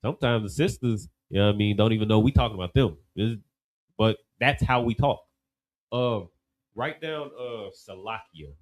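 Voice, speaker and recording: A man leads a relaxed class. His voice sits fairly low. He talks loosely and keeps checking in with his listeners. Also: moderate pace, low-quality recording. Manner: loose and conversational, many "you know what I mean" asides. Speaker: class teacher. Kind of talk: casual classroom teaching.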